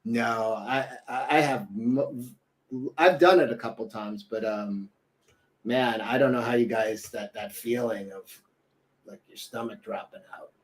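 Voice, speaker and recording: A man's voice: mid-range voice, unhurried. A young adult man co-hosting a casual talk show, rambling with lots of fillers. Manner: rambling, fillers, tells jokes with put-on voices. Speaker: co-host. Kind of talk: casual chat.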